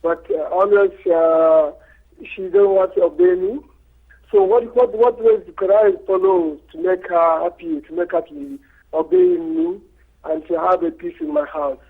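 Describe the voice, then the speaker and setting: High-voiced man on a tinny phone line. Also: fairly even intonation, husky. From Nigeria. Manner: halting, hesitant. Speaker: caller. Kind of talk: phone-in question.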